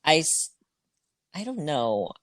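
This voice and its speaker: A man co-hosting a podcast in casual chat, blunt and quick to disagree. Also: on the high side, very animated, a bit bright, no room sound. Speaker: podcast co-host.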